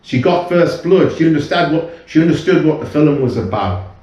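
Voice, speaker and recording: A man's voice: on the high side, animated, normal speed, a little mellow, highs cut off. A British man in his fifties, a guest in casual chat, talking earnestly and rambling with many restarts. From United Kingdom. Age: 50s. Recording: very echoey room, away from mic.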